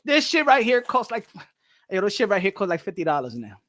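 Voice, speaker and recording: Brief: boxing channel host, New York man, animated profane rant, laughs a lot. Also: high voice, brisk. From New York City. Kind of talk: casual rant to camera.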